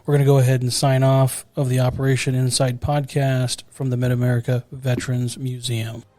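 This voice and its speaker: A man's voice: medium pitch, flat delivery, a little fast, warm tone. A man hosting a museum podcast, thanking his guest and wrapping up the show in a friendly way. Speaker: podcast host. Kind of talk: interview hosting and sign-off.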